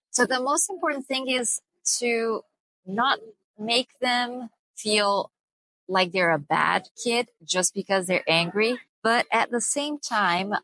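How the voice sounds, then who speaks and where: A young woman gives earnest parenting advice straight to the camera, explaining each point with care and slowing down to stress the key ones. Her voice is bright and clear, and it is recorded close and dry, with no room sound. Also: medium pitch, dry recording, poor audio. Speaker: parenting vlogger.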